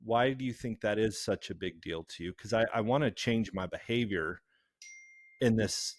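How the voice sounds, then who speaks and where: A man speaks as a podcast guest in a low voice, working through his thoughts and often restarting a sentence. His tone is reflective and casual. The sound is close and dry. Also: no echo. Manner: reflective, halting, with repeated restarts. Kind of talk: casual conversational podcast talk.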